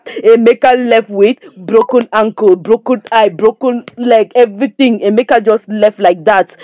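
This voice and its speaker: A young woman with a Nigerian accent retells a drama episode in a loose, chatty way. She keeps turning to her listeners to moralize. Her voice sits slightly high and sounds dry and close. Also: a little mellow, no echo. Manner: chatty, preachy asides, addresses listeners as "my people". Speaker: movie reviewer. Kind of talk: casual recap and commentary.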